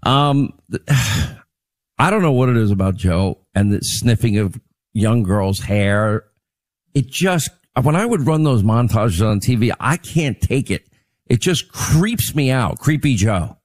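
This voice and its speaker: Radio talk guy, teasing and wry, mid pitch, chatty. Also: lively intonation. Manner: wry, teasing, quick asides. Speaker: radio talk show host. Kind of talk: casual on-air banter. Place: on location for a town hall broadcast.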